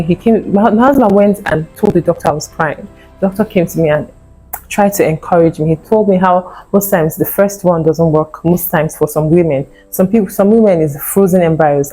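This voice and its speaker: A woman's voice: fairly low pitch, dark tone, rough recording. A woman in her thirties telling her personal fertility story in an earnest, emotional way. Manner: earnest, emotional retelling with acted quotes. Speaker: vlogger sharing a fertility testimony.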